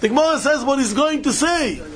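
A man's voice: very high voice, fairly quick, fairly bright tone. A man giving a Talmud study lecture in a sing-song style, mixing in Yiddish and Hebrew terms and rising into questions. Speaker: Talmud teacher.

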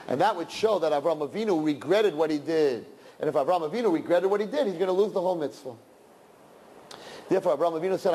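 Animated rabbi with a slightly high voice. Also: male voice, fast talker, breathy edge, big-room sound. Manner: animated storytelling, swings between loud and hushed; uses Yiddish and Hebrew terms. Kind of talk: sermon to young people.

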